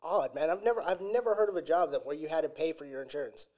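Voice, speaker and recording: A man co-hosting a casual podcast, teasing his friend with quick wisecracks. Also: fairly high pitch, a little mellow. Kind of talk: casual chat.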